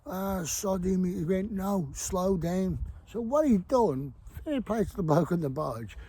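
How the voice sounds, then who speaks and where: A man's voice: fairly high pitch, mellow, slight background noise. A middle-aged man, telling a rambling fishing story to camera by a river, blunt and free with swearing. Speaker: fishing vlogger. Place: outdoors by a river.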